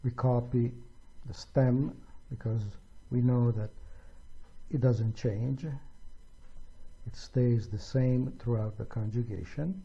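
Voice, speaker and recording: A man teaching a grammar lesson slowly and deliberately, pronouncing each example with care. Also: medium pitch, fairly even intonation, warm tone, breathy edge, dull audio. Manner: slow, deliberate, careful pronunciation of examples. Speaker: language teacher. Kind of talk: slow explanatory grammar lesson.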